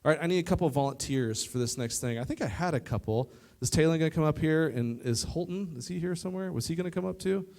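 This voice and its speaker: A man preaching a youth sermon to a live audience, lively and joking, talking straight to the crowd. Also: fairly high pitch, quick pace, gravelly, hardly any pauses. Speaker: youth pastor. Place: church youth service in front of an audience.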